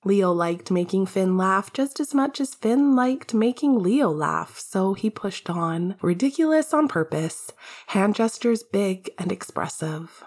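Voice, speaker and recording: Woman, fan fiction narration, wry and casual, breathy tone. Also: medium pitch, animated, a little slow, a little mellow. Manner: wry, casual, swears freely. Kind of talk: fan fiction audiobook reading.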